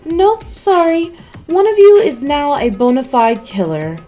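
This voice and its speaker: Woman doing a high-pitched taunting bear mascot, gleeful and sadistic, sing-song mockery, swooping wildly, game music faint behind. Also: sing-song, a little slow, warm tone.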